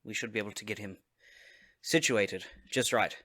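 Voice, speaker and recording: A man plays a tabletop game in a fairly low, easygoing voice. He talks casually and relaxed, with small fillers as he rolls dice and acts. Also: moderate pace. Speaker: player.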